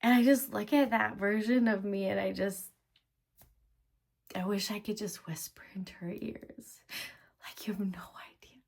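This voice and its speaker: A woman's voice: medium pitch, unhurried, vocal fry. A woman in her thirties, a mother of five, telling her own story to camera in a casual, laughing way, dropping to a whisper when she voices her thoughts. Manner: animated, laughing, drops into whispers for inner thoughts.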